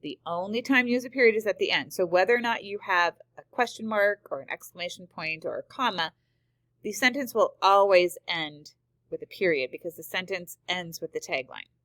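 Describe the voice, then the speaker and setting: A woman's voice: lowish voice, a little fast, a bit bright, dry recording. A woman teacher explaining punctuation rules step by step, reading example sentences aloud. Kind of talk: screen-recorded grammar lesson.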